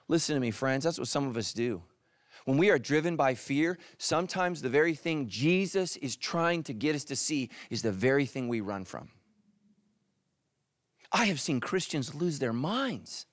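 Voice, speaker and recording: A middle-aged male pastor preaching a sermon, animated, swinging from loud emphatic peaks to hushed, quiet lines. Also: a little high, moderate pace, no room sound, studio quality. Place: church stage.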